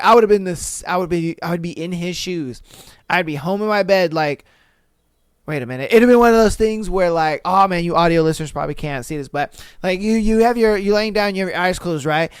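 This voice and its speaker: A young man hosts a podcast, riffing on listener stories in a slangy, loose manner, laughing and cursing often. He sounds high and brisk with a clean tone, recorded at studio quality without echo.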